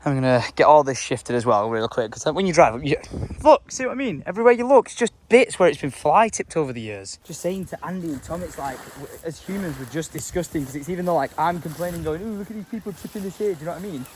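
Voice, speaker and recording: A young man chatting casually while vlogging outdoors on a farm, with excited outbursts and casual swearing. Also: on the high side, quick pace, hardly any pauses, slight background noise. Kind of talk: casual vlog chat.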